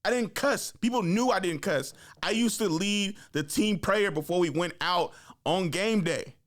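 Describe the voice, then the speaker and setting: A young man hosting a podcast, telling a story in a casual, animated way, full of slang and swearing, acting out what people said. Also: high voice, a little slow. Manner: animated, acts out quotes, swears freely, slangy. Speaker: podcast host.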